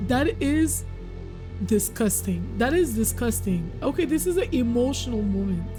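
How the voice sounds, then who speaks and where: High-voiced woman streamer over game music. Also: animated, moderate pace. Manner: chatty, reacting aloud, teasing people off screen. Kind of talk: casual gameplay commentary. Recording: game music playing behind.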